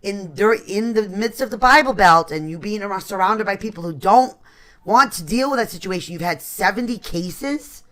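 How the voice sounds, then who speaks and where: A live stream host chatting casually, enthusiastic and quick to affirm the guests. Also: mid-range voice, animated, pushed and bright. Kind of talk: casual chat.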